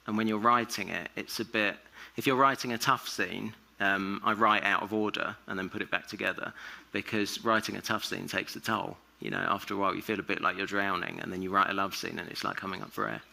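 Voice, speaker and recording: Gravelly low-voiced man. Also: a little fast, hardly any pauses. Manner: relaxed, rambling with many fillers and restarts. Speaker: author guest. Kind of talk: onstage conversation. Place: festival stage.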